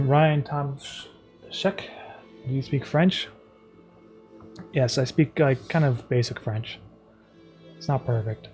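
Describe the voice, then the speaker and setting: Soft-spoken man chatting while he draws. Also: mid-range voice, takes it slowly, pauses often, faint music behind. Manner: soft-spoken and rambling, with many fillers. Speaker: streamer and animator. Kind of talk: casual live-stream chat while drawing.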